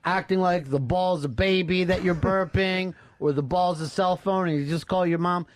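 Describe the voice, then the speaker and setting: A radio talk show host with a high-sitting, steady voice talks at normal speed into a studio microphone, with slight background noise in the studio. He banters casually with his co-host and callers, wry, jokey, and profane.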